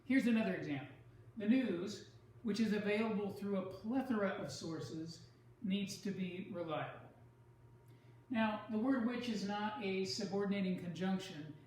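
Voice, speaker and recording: A man's voice: high-pitched, darkish tone. Man lecturing in a very echoey classroom. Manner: deliberate, pausing between phrases. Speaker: writing teacher. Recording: very echoey classroom with faint noise.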